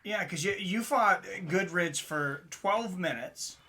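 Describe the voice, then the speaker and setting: A man's voice: sits high, expressive, takes it slowly, pushed and bright. A man hosting an interview, chatting eagerly and casually. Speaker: podcast host.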